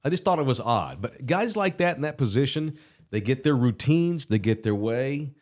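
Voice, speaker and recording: A middle-aged man hosting a podcast, telling a relaxed, wry anecdote in casual chat. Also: medium pitch, moderate pace. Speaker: podcast host.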